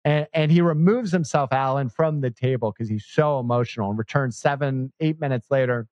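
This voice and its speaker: A man of middle pitch tells a personal story as a podcast guest, animated and emphatic. His recording sounds a little muffled and dull. The sound is dry and close, with almost no room. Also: brisk, no room sound. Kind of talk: telling a personal story in an interview.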